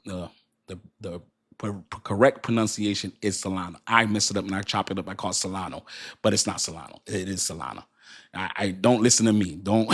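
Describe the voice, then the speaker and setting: A middle-aged man hosting a casual crypto livestream, rambling, laughing often and reading viewers' chat messages aloud. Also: lowish voice.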